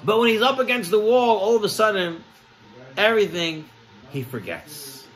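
A man with a high, bright-pitched voice delivers a sermon as a rabbi. He tells stories with energy and acts out the characters he quotes. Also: expressive, moderate pace, rough recording.

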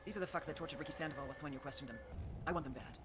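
An actress playing a brisk, driven female mission handler in a video game, giving businesslike orders. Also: deep voice, noisy background, natural voice. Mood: determined.

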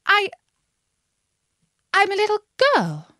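A woman's voice: sits high, big pitch swings, normal speed, no room sound, studio quality, pitched above the performer's own voice. A woman voicing a bewildered, polite young girl in a storybook reading, earnest and anxious. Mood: flustered. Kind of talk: storybook read-aloud.

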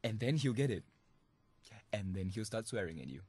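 On his student radio podcast, a young Singapore host jokes through a comic monologue, laughing a lot in a mischievous, playful mood. His lowish, husky voice has a darkish tone and lively intonation at normal speed, in a dry recording.

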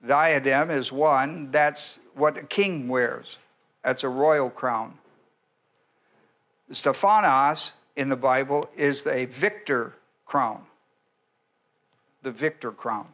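A male pastor giving a verse-by-verse sermon, speaking deliberately, with frequent restarts and an occasional clearing of the throat. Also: medium pitch, fairly bright tone.

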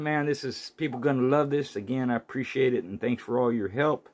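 A man's voice: medium pitch, brisk, few pauses. Easygoing male podcast host. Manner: easygoing, agreeable, laughs along. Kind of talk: casual interview.

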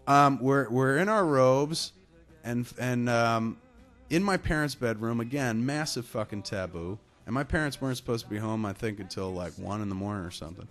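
A man's voice: mid-range voice, moderate pace, hardly any pauses, fairly bright tone. A man co-hosting a podcast, telling a rambling, profanity-laced story in casual chat. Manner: profane, rambling anecdote with laughs. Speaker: podcast co-host.

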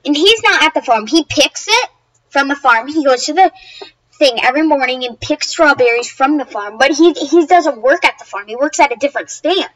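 A woman's voice: high voice, animated, normal speed, a bit bright, poor audio. A woman telling a story to her viewers in a casual, rambling way, often restarting and correcting herself. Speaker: YouTuber.

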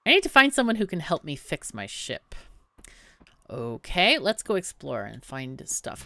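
A woman giving casual, bubbly gameplay commentary, thinking out loud and giggling often. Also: low-pitched, a little hiss or hum. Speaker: let's play gamer.

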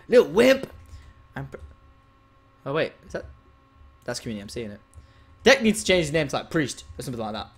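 A man's voice: mid-range voice, a bit bright. A man giving casual commentary while playing a game, joking around and slipping into mock gangster talk. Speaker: gaming YouTuber.

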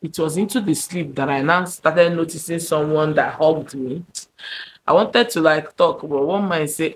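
A young woman with a Nigerian accent, telling a personal story to camera in an animated, dramatic way. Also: deep voice, normal speed, a little hiss or hum. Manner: animated, dramatic storyteller, shifting between loud and hushed. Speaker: vlogger. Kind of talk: storytime monologue.

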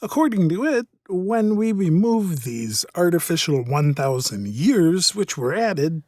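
A man narrating an explanatory monologue in a measured, earnest way. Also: high-pitched, big pitch swings, a little mellow, no room sound, studio quality.

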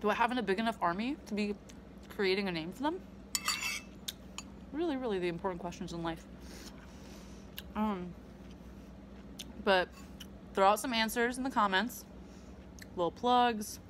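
A young woman vlogging from her messy bedroom, rambling and blunt, swearing without a second thought. She fills her pauses with ums and talks straight into a phone camera held close. A faint hiss runs under her voice. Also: mid-range voice, lively intonation. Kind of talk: casual vlog chat.

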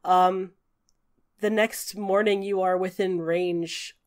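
A woman's voice: fairly low pitch, fairly even intonation, slow pace. A woman narrating a tabletop game as game master, chatty, with many fillers and restarts. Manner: chatty, frequent "uh" fillers, restarts mid-sentence.

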